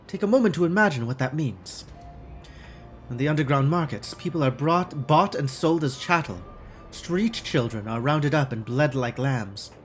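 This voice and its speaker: A man's voice: mid-range voice, close to an everyday voice. Man doing a formal, frightened corporate woman. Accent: put-on German. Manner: formal, clipped, measured. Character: anxious corporate woman scientist, guarded, formal. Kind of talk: video game dialogue read aloud.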